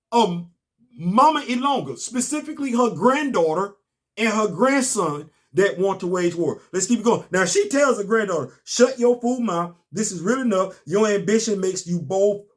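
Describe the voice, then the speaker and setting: A man, casually recapping a comic book and telling stories on his podcast. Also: sits high. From Southern US. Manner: animated, storytelling, rising to emphatic outbursts.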